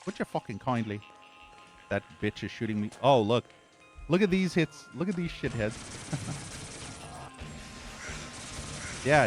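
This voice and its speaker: A man's voice: mid-range voice, expressive, measured pace, pauses often, faint music behind. A man doing let's play commentary, ranting at the game with a profane, exasperated edge. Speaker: gaming channel host.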